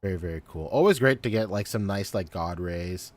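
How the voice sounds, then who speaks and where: A man's voice: low voice, lively intonation, brisk. A man co-hosting a podcast in casual chat, laid-back, laughing often and repeating his praise. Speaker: podcast co-host.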